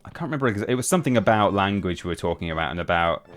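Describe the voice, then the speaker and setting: A man's voice: sits low, animated, very fast, a bit bright, faint music behind. A young man chatting casually to his live-stream audience while playing, rambling and restarting his sentences as he goes.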